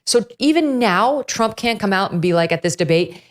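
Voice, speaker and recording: A middle-aged woman hosting a political talk show, telling a story in an animated way and acting out the voices she quotes. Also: mid-range voice, moderate pace, hardly any pauses. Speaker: show host.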